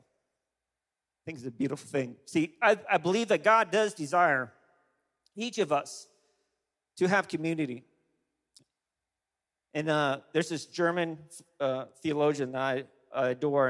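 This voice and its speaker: A male pastor preaching a sermon to a congregation, animated and emphatic, with frequent restarts. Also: on the high side. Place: large church hall. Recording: long hall reverb.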